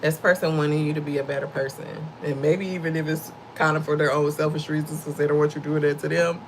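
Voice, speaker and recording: In a low-quality recording with a little hiss or hum, a middle-aged woman with a low voice talks fast in a level tone on her livestream. Her faith-based chat is conversational and a bit preachy, and she laughs frequently and calls viewers y'all.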